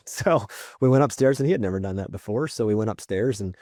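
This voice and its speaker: A man who is a podcast guest and a father, telling candid stories in conversation. He is reflective, often checks in with "right?", and acts out the quotes in his stories with lively energy. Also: lowish voice, brisk, no echo, clean studio sound.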